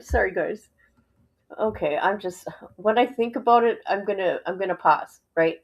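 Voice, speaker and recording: A woman's voice: mid-range voice, moderate pace, low-quality recording. A woman hosting a livestream, giving casual reaction commentary, often exclaiming and laughing in disbelief. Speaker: livestream host.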